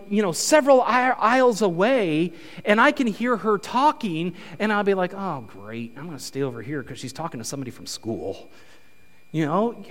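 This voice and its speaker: A male pastor giving a conversational, animated sermon in a church. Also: sits high. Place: church sanctuary. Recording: reverberant church hall.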